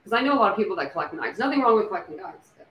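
A woman's voice: medium pitch, big pitch swings, racing, highs cut off. Woman rambling on a livestream, lots of ums and likes, echoey room, faint hiss. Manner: rambling, speculative, many fillers and restarts. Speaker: true crime livestream host. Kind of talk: casual livestream chat.

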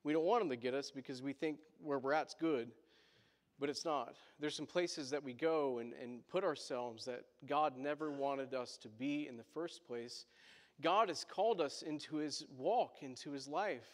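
A man's voice: medium pitch, moderate pace, big-room sound. A male pastor telling a story in a sermon, chatty, with asides to the congregation.

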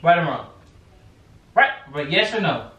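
A man's voice: sing-song, a little slow, highs cut off, slight background noise. A young man in a bedroom at home, pleading and dodging in a casual, evasive way, recorded on a camera mic across the room. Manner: pleading, evasive, pitch jumping up. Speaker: YouTuber pulling a prank. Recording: echoey room, mic off at a distance.

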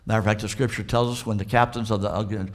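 A Southern-accented man preaching to his church with a fairly low voice. He tells the story with plenty of drama, slipping into the voices of the characters. It is a sermon delivered by a pastor. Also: fast. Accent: Southern American. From Florida. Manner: animated storytelling preacher, acts out the characters' dialogue.

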